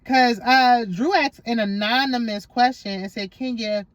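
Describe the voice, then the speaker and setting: Woman, higher voice, sassy gossipy recap chat, dry close mic. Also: measured pace, few pauses, no room sound. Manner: sassy, animated, gossipy with slang. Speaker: reality TV recap host. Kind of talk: casual opinionated recap chat.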